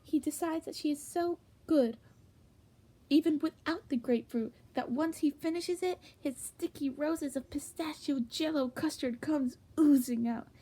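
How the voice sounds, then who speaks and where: A woman reading comedic fanfic aloud in a hushed, half-whispered voice with sudden jumps in pitch. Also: unhurried. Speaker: fanfic reader.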